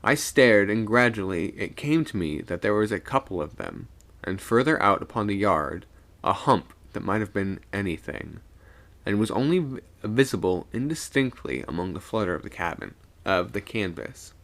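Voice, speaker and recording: A man reading a spooky sea story aloud on a live stream, animated, with small stumbles and self-corrections. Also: fairly low pitch, normal speed, creaky.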